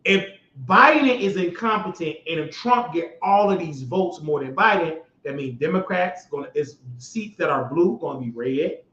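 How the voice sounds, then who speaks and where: A man hosting his own show, giving loud, mocking political commentary that rises to shouts when he gets worked up. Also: fairly high pitch, expressive, moderate pace, few pauses, echoey room, lo-fi sound. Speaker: show host.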